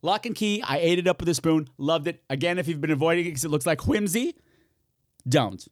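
A man hosting a solo podcast, chatting in an animated, campy way, swearing freely and talking to himself. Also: a little high, fairly quick, no room sound, clean studio sound. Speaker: podcast host. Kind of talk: solo podcast chat, horror recommendations.

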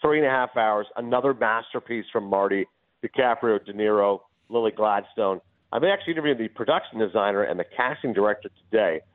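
A man calling into a sports radio show as a guest, chatting fast and animatedly about baseball and movies. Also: fairly low pitch, no room sound. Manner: fast, animated, does impressions. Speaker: guest commentator. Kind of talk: casual sports radio chat. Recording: tinny phone-line sound.

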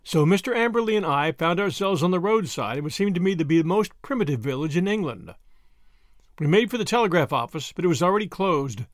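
Man narrating, animated pitch, slightly high, measured. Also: no room sound, clean studio sound. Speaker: audiobook narrator. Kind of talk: scripted narration.

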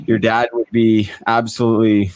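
A man's voice: on the low side, level tone, moderate pace, darkish tone, no echo. A man hosting a podcast, talking in a loose, chatty way with lots of fillers and restarts. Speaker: podcast host. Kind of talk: casual interview chat.

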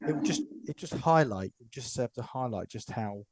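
A man banters sarcastically on a casual podcast, rambling as he thinks aloud. His voice is middling in pitch, recorded close and dry with no room sound. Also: lively intonation, a little fast, dry recording. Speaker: podcast co-host. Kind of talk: casual chat.

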